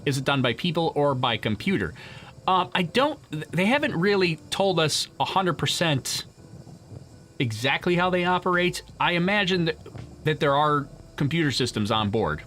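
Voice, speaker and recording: A man's voice: on the high side, very animated, moderate pace, fairly bright tone, slight background noise. A man hosting a live launch stream, chatting casually and answering viewer questions, rambling with frequent restarts and laughs. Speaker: livestream host. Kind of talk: casual live commentary reading chat.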